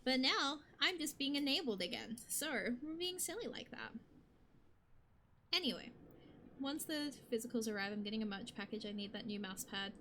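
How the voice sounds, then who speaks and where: A woman's voice: on the high side, animated, normal speed, fairly bright tone, slight background noise. A young adult woman streamer chatting casually with her viewers, bubbly and rambling, often laughing.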